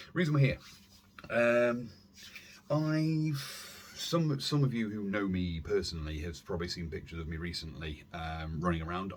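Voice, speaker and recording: A man hosting a casual airsoft gear vlog from his warm room at home, rambling along with self-deprecating asides and filler words. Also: low voice, slight background noise. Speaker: airsoft YouTube channel host. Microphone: camera on a stand.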